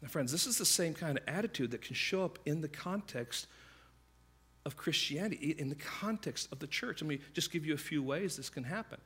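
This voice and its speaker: A man's voice: a little high, husky. A man preaching a sermon, telling stories in a conversational way and acting out the voices of the people in them. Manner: conversational, animated storytelling with quick asides; acts out quoted voices. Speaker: pastor.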